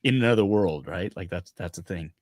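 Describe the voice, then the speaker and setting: A man's voice: deep voice, fairly quick, no echo, studio quality. A middle-aged man, a guest actor, telling stories in a casual stream chat and acting out the quotes. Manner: animated storyteller, acts out quotes.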